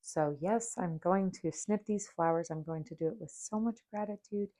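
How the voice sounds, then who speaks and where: A woman hosting a spiritual podcast, talking softly and dreamily and at times guiding a meditation, sometimes dropping to near-whispers. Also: lowish voice. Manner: soft, slow and dreamy, drifting into near-whispers. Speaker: podcast host.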